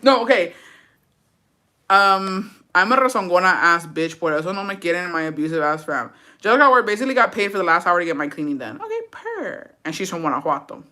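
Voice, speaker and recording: A woman's voice: fairly low pitch, big pitch swings, fairly quick, sharp tone. A woman telling a dramatic story casually, swearing freely and switching between English and Spanish.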